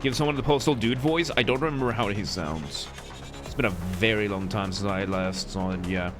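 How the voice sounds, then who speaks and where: A man's voice: fairly low pitch, normal speed. A man streaming a game, thinking aloud, swearing and trying out character voices, with music behind. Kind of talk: casual live-stream commentary.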